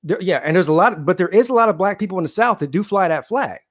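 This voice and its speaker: A man's voice: high voice, expressive, no room sound, clean studio sound. A man co-hosting a casual chat, making his points emphatically. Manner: rapid, emphatic talker.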